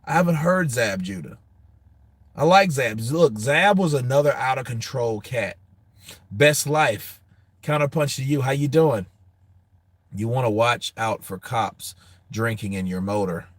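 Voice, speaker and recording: A man's voice: medium pitch, animated, measured pace, dry recording. A man hosting a boxing show, chatting casually and telling loose, profane stories with frequent laughs. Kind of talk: casual live-stream chat.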